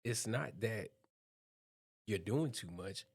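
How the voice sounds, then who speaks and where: A young man co-hosting a podcast, talking earnestly and thoughtfully in a relaxed chat. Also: fairly low pitch, takes it slowly, creaky, husky. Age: young adult. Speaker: podcast co-host. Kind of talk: casual conversation.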